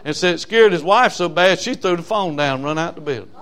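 A man's voice: a little high, animated, a bit bright. An older man, preaching and telling a story in a sermon, breaking his sentences with repeated fillers. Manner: halting, with many repeated fillers.

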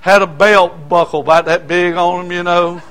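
High-voiced preacher telling folksy stories. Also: male voice, normal speed. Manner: animated, folksy, breaks into shouts and laughter. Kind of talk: sermon storytelling.

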